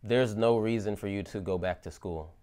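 A man's voice: lowish voice, moderate pace, warm tone, smooth. A man co-hosting a casual podcast chat, talking in a slangy, agreeable way and saying "bro" often. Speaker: podcast co-host.

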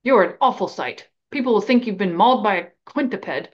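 A stern, cynical male wizard professor barks at his students, gruff and short on patience, as a woman reader puts him on. He speaks in a raised, slightly lifted voice. The audio is a little muffled and lo-fi. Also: medium pitch, lively intonation, moderate pace, close to an everyday voice. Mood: cross. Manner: gruff, cross and impatient.

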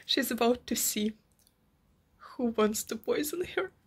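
A woman's voice: fairly high pitch, animated, measured pace, breathy edge. A woman book vlogger talking emotionally about her reading, overwrought and repeating herself, sometimes dropping to a whisper. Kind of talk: emotional reading-vlog chat.

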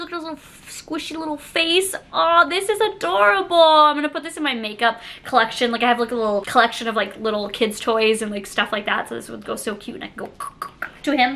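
A young woman vlogger with a bright, fairly high voice talks through an unboxing in a loose, chatty way. She giggles often and leans on "like" in nearly every sentence. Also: expressive, a little fast, a little hiss or hum. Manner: chatty, giggly, heavy use of "like". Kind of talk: casual unboxing chat.

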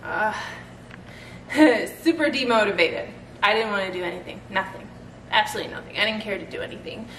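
A woman's voice: mid-range voice, animated, moderate pace, fairly bright tone. Chatty laughing woman, roomy distant sound. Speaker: fitness vlogger. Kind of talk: casual chat. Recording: roomy sound from off-mic, faint noise.

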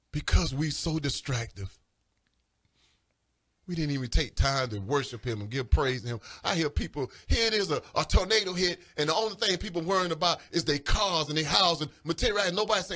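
On a radio show or phone-in, a male caller shares an emotional religious testimony, pleading and repeating himself. His voice is fairly high and sharp, and he speaks fairly quickly.

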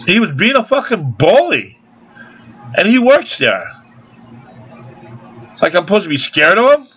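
A man's voice: high voice, huge pitch swings, measured pace, fairly bright tone, husky. An older man delivering a rambling, profane, aggrieved rant into a home video camera. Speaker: vlogger. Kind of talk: angry ranting monologue. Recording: dull lo-fi home video sound.

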